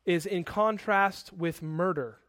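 A man preaching a sermon, animated and quick to act out angry outbursts, with self-correcting asides. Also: sits high.

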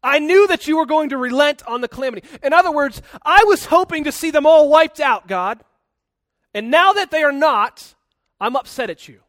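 A man's voice: very high voice, expressive, normal speed, fairly bright tone, no room sound, studio quality, voice pushed up. A preacher voicing a self-pitying adult male prophet who whines and pleads melodramatically at God. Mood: complaining.

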